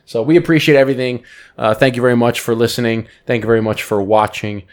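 A man's voice: medium pitch, steady tone, fast. Casual, swearing young male podcast co-host. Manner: loose, joking, swears often. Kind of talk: casual chat.

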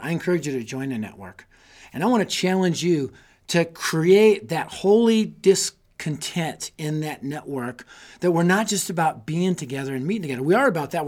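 A man giving an energetic, sermon-style talk to youth leaders, telling stories and rallying them with repeated calls. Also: a little high. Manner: energetic storytelling with repetition; exhorting, rallying listeners. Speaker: youth ministry speaker.

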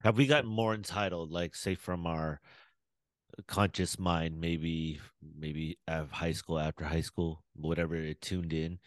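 A man's voice: sits low, steady tone, a little slow, dry recording. A man in casual podcast chat, musing and asking reflective questions.

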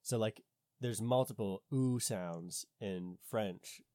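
A man talking casually with a low, mellow, darkish voice. He questions things skeptically and thinks out loud, restarting his sentences. The sound is dry and close. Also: slow pace, dry recording. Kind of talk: casual conversation.

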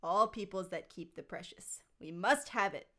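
A woman's voice: mid-range voice, normal speed, sharp tone. A woman reading the part of Gollum, a wretched, scheming creature muttering to itself in a hissing, wheedling, partly whispered theatrical voice.

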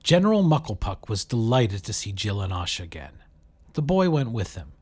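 A man narrating a fantasy story aloud, animated and raising his voice for the characters' shouts. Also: fairly low pitch, moderate pace, breathy edge. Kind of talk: audiobook-style story narration.

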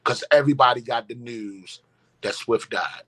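Animated man, bright voice. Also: mid-range voice, moderate pace. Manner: animated, emphatic, profane storytelling. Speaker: guest. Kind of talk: storytelling in casual conversation.

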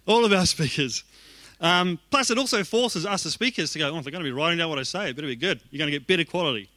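A pastor preaching a sermon to his congregation, lively and joking as he talks. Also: sits high, no room sound.

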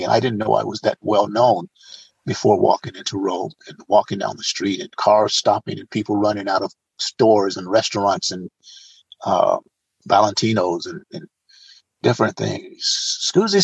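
A man with a husky voice tells animated anecdotes as an interview guest, often restarting his sentences. The sound is slightly muffled and dull. The room is dry and close. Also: lowish voice, moderate pace, dry recording. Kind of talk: casual storytelling.

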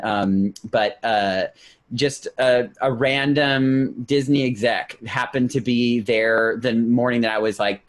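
A man chatting casually on a podcast, an excited storyteller who acts out what people said. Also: medium pitch. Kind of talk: casual chat.

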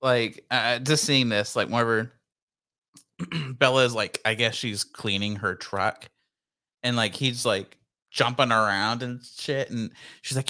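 A young man co-hosts a relaxed conversation with a clear, bright tone. He laughs easily and slips into quick impressions when quoting lines. His pitch sits in an ordinary middle range. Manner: laughing, animated, acts out quotes. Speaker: podcast co-host. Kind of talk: casual chat.

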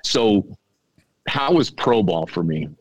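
A middle-aged man telling a story on a podcast in a halting, earnest way, often repeating his words. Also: lowish voice, lively intonation, dry recording, low-quality recording. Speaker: podcast guest. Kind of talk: casual storytelling.

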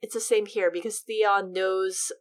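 Animated woman chatting casually. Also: mid-range voice, measured pace. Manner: animated, acts out quotes in big voices. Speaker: podcast co-host. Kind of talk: casual book discussion.

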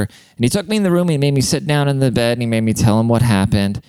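A man's voice: mid-range voice, animated, fast talker, few pauses, mellow, clean tone, dry recording. Profane rambling young man on a podcast. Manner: rambling, profane, laughs often. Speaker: podcast host. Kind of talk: casual podcast monologue.

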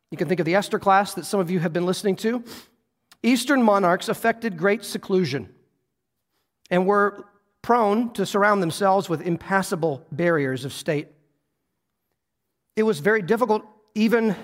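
A man preaching a sermon as pastor, earnest and emphatic, often restarting his words. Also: high-pitched. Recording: reverberant hall.

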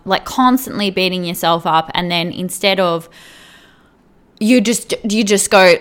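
A woman's voice: fairly low pitch, measured pace, a bit bright, smooth. A woman coach giving earnest direct advice to the viewer, often checking in with "right?" and "okay?". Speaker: weight-loss coach.

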